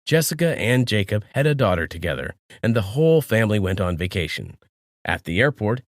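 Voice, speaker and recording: Man, scripted story narration, low voice, animated delivery, dry close sound. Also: dry recording.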